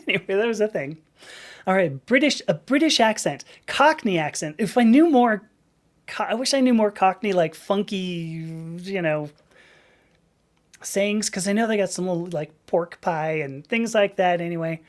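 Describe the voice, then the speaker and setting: A woman's voice: medium pitch, animated, normal speed. A middle-aged woman from the American South hosting a casual live stream, rambling, laughing at herself and reading out viewers' chat. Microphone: webcam.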